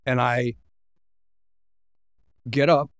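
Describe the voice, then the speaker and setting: A man's voice: medium pitch, level tone, drawn-out words, clean tone, no room sound, clean studio sound, soft background music. A man, a podcast guest, earnestly retelling a personal story and voicing his own inner thoughts.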